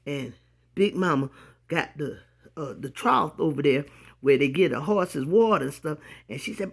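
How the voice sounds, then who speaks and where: Gravelly, husky woman storyteller. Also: deep voice, moderate pace. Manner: animated, talks straight to the audience. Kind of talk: casual storytelling to viewers.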